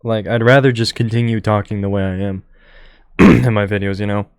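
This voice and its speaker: Monotone young man rambling on a podcast. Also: on the low side, normal speed, clear, resonant tone, no echo, clean studio sound. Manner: monotone, rambling, many fillers. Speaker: podcast host. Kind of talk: solo podcast monologue.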